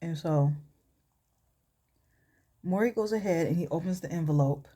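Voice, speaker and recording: A woman's voice: lowish voice, moderate pace, warm tone. A woman casually telling a story during a makeup tutorial, chatty and full of fillers, with asides to herself as she works. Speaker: vlogger and storyteller.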